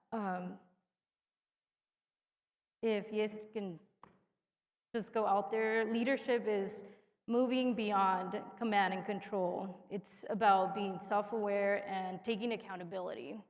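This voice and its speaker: A woman speaking on a conference panel for the first time, nervous and self-correcting. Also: medium pitch. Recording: reverberant conference hall.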